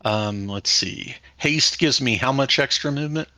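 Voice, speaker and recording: A man playing a tabletop game, deliberate, working out his moves and sums aloud. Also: medium pitch, sharp tone, no echo. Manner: slow, deliberate, adding up numbers aloud. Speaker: player. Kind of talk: casual tabletop play.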